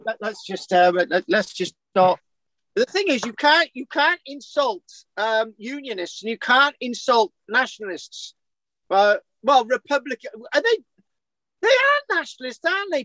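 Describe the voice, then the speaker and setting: A man's voice: very high voice, sharp tone, no room sound, poor audio. A man from Wales teaching an online archaeology class over a video call, rambling and interrupting himself with jokes. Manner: rambling, self-interrupting, jokey. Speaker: archaeology tutor. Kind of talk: online lecture. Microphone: video call mic.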